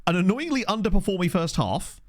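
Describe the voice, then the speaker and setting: Male streamer, casual chat, animated voice, dry close mic. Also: high-pitched, fairly quick, dry recording. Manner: chatty, reads chat aloud, excitable reactions to match play. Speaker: streamer playing a football management game. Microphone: desk microphone.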